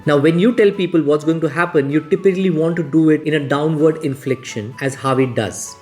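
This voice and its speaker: A narrator talks through a self-help video essay in a measured, explanatory way. The pitch sits in a middle range. Soft music plays faintly underneath.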